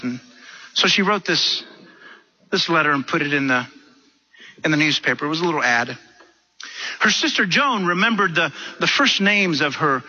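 Brief: male preacher, high, very bright and husky voice, stammering restarts, dull lo-fi sound. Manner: animated, repeats words when starting sentences. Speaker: pastor. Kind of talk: sermon storytelling. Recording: dull lo-fi recording.

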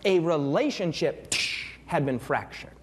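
A young man preaching a sermon with fervor, swinging his pitch and pace for emphasis. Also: lively intonation, measured pace, darkish tone, slight background noise.

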